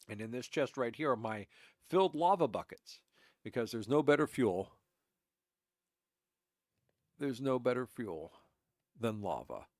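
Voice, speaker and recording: A man's voice: fairly low pitch, no echo, clean studio sound. A man streaming a game, congested and stuffy-voiced from allergies, giving a rambling, self-correcting walkthrough of his builds. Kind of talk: casual gameplay commentary.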